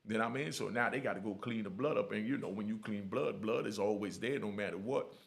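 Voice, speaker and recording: A middle-aged man telling his own prison stories in blunt, lively street talk, often asking "you know what I mean". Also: on the low side, fast talker, gravelly. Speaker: storyteller sharing prison stories. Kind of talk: casual storytelling.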